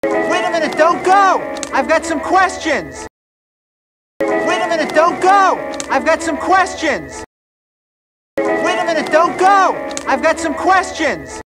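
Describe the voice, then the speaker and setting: An actor delivering urgent film dialogue, calling out. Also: male voice, very high voice, expressive, slow, full character voice. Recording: film clip with music.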